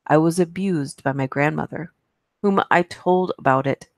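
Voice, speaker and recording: A woman's voice: sits low, moderate pace, no room sound, studio quality. A woman hosting a live stream, reading creepy stories aloud and chatting with asides between them. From United States. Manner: reads aloud with asides, laughs at herself.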